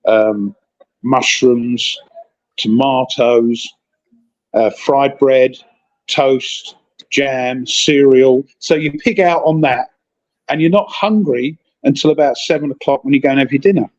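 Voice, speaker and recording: A man's voice: medium pitch, steady tone, slow pace, dull audio. A man in casual chat, telling rambling stories while calling in from a convention hotel. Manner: rambling, chatty storytelling.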